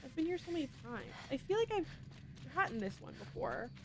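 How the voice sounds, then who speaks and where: A woman's voice: sits high, big pitch swings, brisk. A woman streaming a video game in a casual chat, talking to herself and laughing at her own slips.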